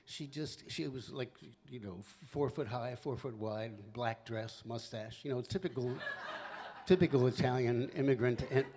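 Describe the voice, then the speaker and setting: A man's voice: mid-range voice, a little mellow. A man in his seventies from Philadelphia, a singer-songwriter telling a rambling, chatty family story between songs, with laughing asides. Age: 70s.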